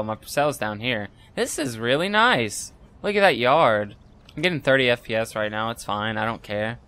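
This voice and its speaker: A man giving casual let's-play commentary, rambling and excitable, bursting into loud yells. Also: mid-range voice, a little hiss or hum. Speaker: gameplay commentator.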